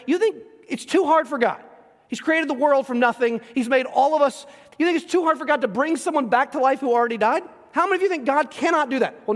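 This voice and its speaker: High-voiced preacher in a reverberant hall. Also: male voice. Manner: animated, acts out quoted voices, emphatic rhetorical questions. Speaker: pastor. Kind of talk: expository sermon.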